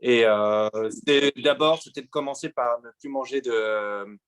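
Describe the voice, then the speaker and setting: A man in his forties from France speaks as a guest artist, his voice sitting at an ordinary middle pitch. He answers questions hesitantly, pausing and filling gaps as he searches for words. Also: clear, resonant tone. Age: 40s. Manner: hesitant, many pauses and fillers.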